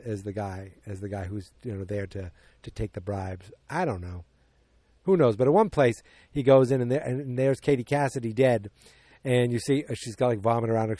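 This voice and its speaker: On his podcast, a man recaps a film in a warm, mid-range voice with no room sound. He wanders off track, loses his place, and slips into quick voices to perform bits of dialogue.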